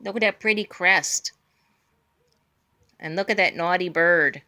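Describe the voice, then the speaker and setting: A woman's voice: lowish voice, a little slow, bright, forceful tone. A woman filming at home, talking to her pet bird in a sing-song baby-talk voice and playfully scolding it.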